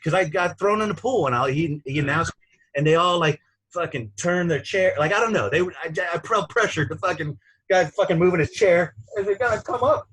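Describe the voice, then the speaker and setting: A man's voice: fairly high pitch, brisk, fairly bright tone, breathy edge, poor audio. A man, a stand-up comedian, telling a story in casual, profane, rambling talk and laughing at his own jokes.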